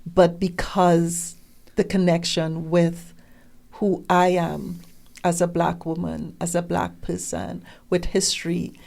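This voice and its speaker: An animated middle-aged woman speaks as a guest in a relaxed interview, her voice sitting a little low for a woman. She talks with emphasis and slips into the questions others have put to her, bringing them to life as she quotes them. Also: creaky. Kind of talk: conversational interview.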